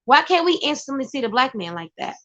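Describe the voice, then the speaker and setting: Woman vlogger, high and excitable, speaks in emphatic bursts; the recording is dull and lo-fi. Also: fast talker. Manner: emphatic, excitable, talks to her partner off-camera. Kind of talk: casual commentary.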